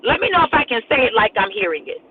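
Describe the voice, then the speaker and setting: A woman's voice: on the high side, big pitch swings, quick pace. A woman preacher giving an emphatic, repetitive prophetic sermon on a live stream, speaking straight to her viewers. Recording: tinny phone-like audio with faint noise.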